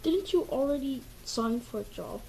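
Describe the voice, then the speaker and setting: A bossy male cop bird, short-tempered and blunt, who trips over his own words, played by a woman. The voice sits lower than the performer's everyday voice and rises and falls freely. It comes from a homemade toy skit. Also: lively intonation, moderate pace, creaky, mellow, slight background noise, rough recording. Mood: gruff. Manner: blunt, swears mildly, stumbles over words.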